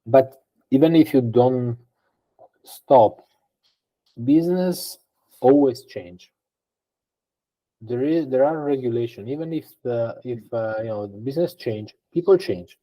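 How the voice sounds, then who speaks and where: Mellow-voiced man thinking aloud. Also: medium pitch, measured pace, pauses often, rough recording. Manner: thinks aloud with frequent fillers and restarts; conversational and explanatory. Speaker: guest data engineer. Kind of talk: podcast interview.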